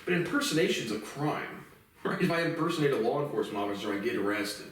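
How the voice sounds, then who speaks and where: A man's voice: medium pitch, lively intonation, fast talker, slight background noise. A man giving a profane, rambling and indignant solo commentary. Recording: very echoey room, mic far off.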